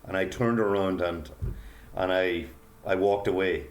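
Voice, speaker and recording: An older man, a guest author, telling a personal story in an earnest, halting way with many pauses and fillers. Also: low voice, fairly even intonation. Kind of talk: reflective storytelling interview.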